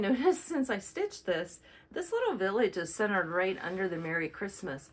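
A woman's voice: on the low side, poor audio. Chatty woman rambling through her projects. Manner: chatty, rambling, self-correcting. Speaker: flosstube host. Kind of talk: casual show-and-tell chat.

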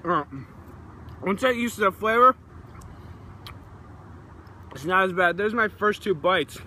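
A man's voice: sits high, lively intonation, measured pace, sharp tone, slight background noise. A male vlogger eating raw onion outdoors, gagging and groaning, his mouth burning, teary and sweating. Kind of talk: casual vlog. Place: outdoors in hot weather.

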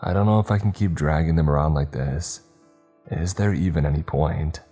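Very deep-voiced male horror narrator. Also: moderate pace, mellow, breathy edge, soft background music.

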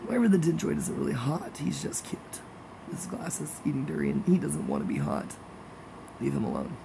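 A man's voice: fairly high pitch, sing-song, normal speed, gravelly, background noise. A man in a rambling, casual monologue, jokey and gossipy with meandering asides.

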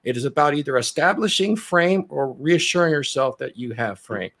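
A man's voice: on the high side, expressive, normal speed, a bit bright. A man hosting a casual chat, laying out his dating advice in an assertive, lecturing way. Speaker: host and dating coach.

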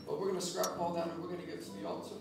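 A man with a high voice preaches an impassioned altar-call sermon in a rhythmic, repeating cadence that swells into shouts. He sounds far from the mic in a very echoey church hall. Worship music plays under him and a congregation answers. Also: flat delivery, racing.

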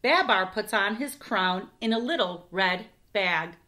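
A woman reading a picture book aloud for children, expressive, with asides to her listeners. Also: medium pitch, unhurried, slight background noise. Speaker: storytime reader.

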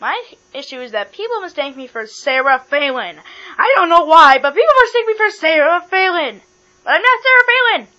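A woman voicing a female alley cat toy who gets indignant and squeaks higher and higher. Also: sing-song, normal speed, hardly any pauses, bright, forceful tone, exaggerated voice. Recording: dull lo-fi with mains hum.

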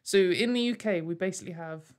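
A woman's voice: fairly low pitch, a little fast. A woman hosting a casual commentary show, rambling and sarcastic, with lots of fillers and little laughs. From United Kingdom. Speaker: commentary video host.

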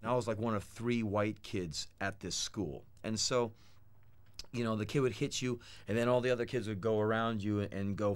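A man in his thirties from the United States, telling blunt, animated stories about his childhood in an interview. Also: lowish voice, normal speed. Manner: blunt, animated anecdotes, acts out quoted voices. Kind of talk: candid storytelling interview.

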